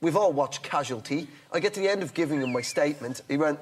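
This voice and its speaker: A man, a comedian guest on a talk show, telling a long anecdote in a rambling, halting way with many restarts and acting out the other people in the story. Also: on the high side, lively intonation, a little hiss or hum.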